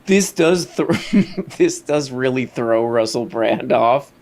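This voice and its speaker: A man's voice: mid-range voice, lively intonation, takes it slowly, a little mellow. Laughing man commenting on a clip. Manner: laughs often, mimics the people in the clip. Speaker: streamer reacting to an interview clip. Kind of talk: casual live commentary.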